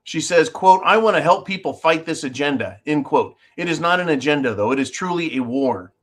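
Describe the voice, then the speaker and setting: A man's voice: fairly high pitch, animated, brisk. Sarcastic, combative male show host. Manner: sarcastic, combative, talks straight to viewers. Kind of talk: opinionated commentary.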